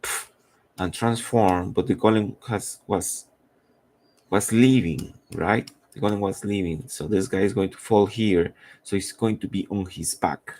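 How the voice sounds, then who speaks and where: A low-voiced man with a gravelly, strained edge talks through his drawing on a live stream. He is losing his voice and thinks aloud in a slow, halting way that wanders as he works. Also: darkish tone. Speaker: comic artist.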